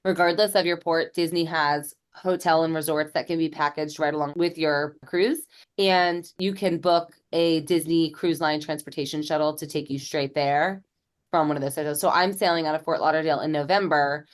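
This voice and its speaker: A woman's voice: low-pitched, steady tone, moderate pace. A woman co-hosting a podcast as a travel agent, chatty and teasing, explaining terms like a guide. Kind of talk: casual podcast chat.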